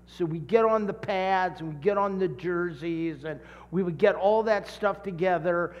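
A man preaching a sermon, telling stories with dramatic shouts and drawn-out emphasis. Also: sits high, in a large hall. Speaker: pastor.

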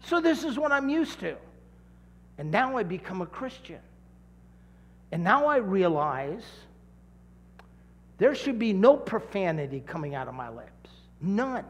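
A man preaches in a high, carrying voice, taking his time over every phrase. He tells stories and punctuates them with sudden shouts and long, stretched-out words. The sound rings with the long reverb of a large hall. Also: big pitch swings. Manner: storytelling, with dramatic shouts and drawn-out emphasis. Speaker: pastor. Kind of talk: sermon.

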